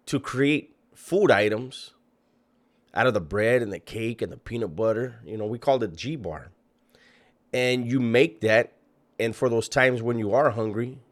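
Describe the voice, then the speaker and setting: A man commenting on a video clip he is playing, mocking and incredulous, swearing freely. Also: medium pitch. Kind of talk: reaction commentary.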